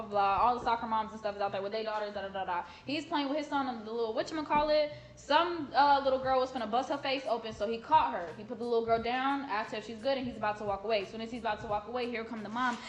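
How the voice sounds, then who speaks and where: A young woman co-hosting a podcast, telling stories in a lively, laughing way. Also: fairly high pitch. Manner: animated storytelling, laughs often. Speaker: podcast co-host. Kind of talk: casual chat. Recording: noisy background.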